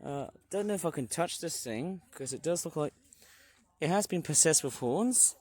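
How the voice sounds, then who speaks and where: A man's voice: fairly high pitch, expressive, moderate pace, darkish tone. A man vlogging on a walk around a farm, chatting with enthusiasm and cracking puns, recorded on a handheld tablet outdoors. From England. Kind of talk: casual narration while walking around a farm.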